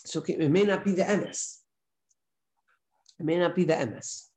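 A rabbi gives his daily class a casual spoken lesson, chatting conversationally, repeating his points and posing rhetorical questions. His fairly high, darkish voice is unhurried, and the recording is rough.

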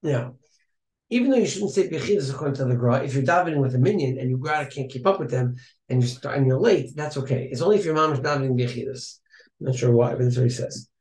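A man's voice: mid-range voice, lively intonation, quick pace, darkish tone. A man teaching a casual study class. He chants Hebrew passages in Ashkenazi pronunciation, then explains them in English. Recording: echoey room.

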